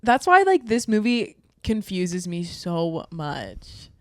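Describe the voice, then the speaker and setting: A woman's voice: fairly low pitch, big pitch swings, slow, dry recording, studio quality. A woman in her twenties co-hosting a podcast, chatting casually with frequent laughs. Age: 20s. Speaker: podcast co-host. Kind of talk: casual chat.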